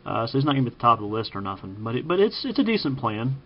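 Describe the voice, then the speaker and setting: Halting casual man from Kansas, lo-fi. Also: medium pitch, sing-song. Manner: halting, frequent ums and uhs, self-correcting. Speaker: vlogger ranking TV preppers. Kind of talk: casual spoken commentary.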